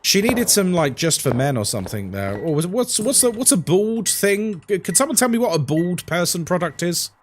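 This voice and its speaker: A man streaming a game and chatting casually, telling rambling, animated stories and repeating himself a lot. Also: sits high, normal speed, few pauses, slight background noise.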